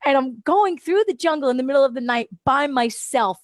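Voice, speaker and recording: Casting: animated woman storyteller, radio guest, a bit high, dry close sound. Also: fairly quick, dry recording. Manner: lively, laughs often, acts out quotes. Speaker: guest, holistic wellness practitioner. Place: radio studio.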